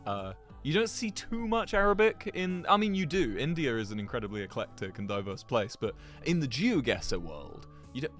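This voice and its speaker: Chatty streamer, lively voice. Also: male voice, mid-range voice. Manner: chatty and rambling, talks to chat, laughs often. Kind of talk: casual livestream commentary while playing a geography game.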